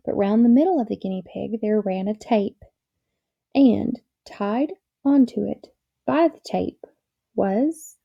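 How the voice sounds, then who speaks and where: A woman reading a children's novel aloud in a gentle, measured storytelling manner. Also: medium pitch, creaky, muffled recording. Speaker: reader.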